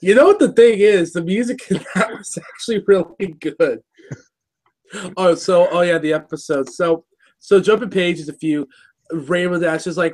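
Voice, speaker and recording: A man's voice: fairly high pitch, steady tone, normal speed. A young man co-hosting a casual chat, rambling as he retells a cartoon episode with slang. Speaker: podcast co-host.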